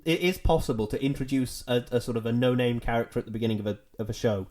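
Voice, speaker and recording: A man's voice: mid-range voice, quick pace, darkish tone. A young man, chatting casually as a podcast co-host, rambling and wry, often trailing off into a mumble. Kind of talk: casual chat.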